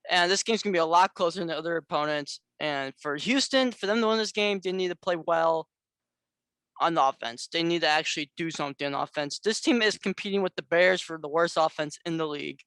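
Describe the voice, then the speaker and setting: High-voiced young man, dry sound. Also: a bit bright, clear, resonant tone, no echo. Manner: halting, repeats himself, blunt opinions. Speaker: co-host. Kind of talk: casual sports picks chat.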